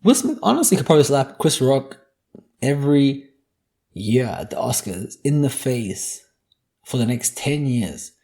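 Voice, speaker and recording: A gravelly-voiced young man riffing alone on his podcast. He swears freely and jokes through his rant, with a mid-pitched voice. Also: very animated, a little slow, mellow. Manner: profane, joking, ranting. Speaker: podcast host. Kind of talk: casual solo podcast monologue.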